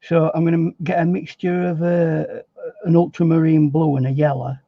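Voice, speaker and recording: A man demonstrating painting step by step in a relaxed, chatty way, thinking aloud as he works. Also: fairly high pitch, normal speed, creaky, dry recording. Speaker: painting instructor. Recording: dry, slightly dull recording.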